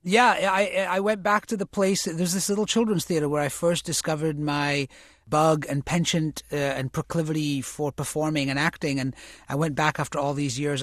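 With a fairly high voice, this male guest, an actor and author, muses through a casual interview in halting, stop-start phrases. He keeps restarting and saying "you know," and the sound is dry and close.

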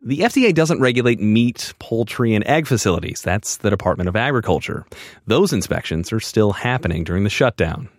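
A man delivering a scripted radio news report with measured, clear delivery. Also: lowish voice, expressive, dry recording, studio quality. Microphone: studio microphone.

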